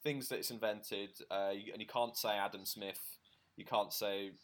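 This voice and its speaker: A man's voice: lowish voice, steady tone, moderate pace, a bit bright. A man co-hosting a podcast, chatting casually in a joking, rambling, self-mocking way. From Britain. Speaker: podcast co-host. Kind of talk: casual chat.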